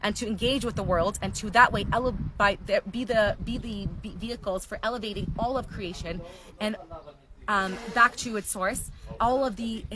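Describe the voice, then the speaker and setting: A woman teaching a live class, telling stories in an animated, earnest way. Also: medium pitch, noisy background. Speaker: Torah teacher.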